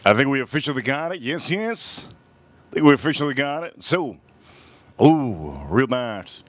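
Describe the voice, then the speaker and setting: A man in the middle of his pitch range hosts a live cigar review outdoors, his voice still groggy from just waking up. He talks in a relaxed, loose way, repeats phrases and greets viewers in the chat. The sound is dry and close. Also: normal speed, no room sound. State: groggy morning voice, just woke up. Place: outdoors, windy.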